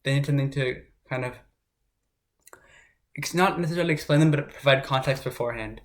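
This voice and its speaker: A man's voice: medium pitch, fairly quick. A man working as a test prep tutor, explaining grammar rules in an informal way and often checking in with listeners. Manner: informal, talks it through with frequent "right?" check-ins.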